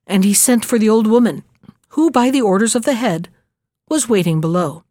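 A woman's voice: mid-range voice, no echo, studio quality. Woman reading a fairy tale aloud. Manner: measured, gentle storytelling. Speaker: narrator. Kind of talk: storybook reading.

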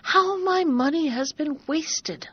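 A woman's voice: high voice, slow, muffled recording, voice pushed up. A woman voicing an angry rich merchant father in a storybook reading, exasperated and cross.

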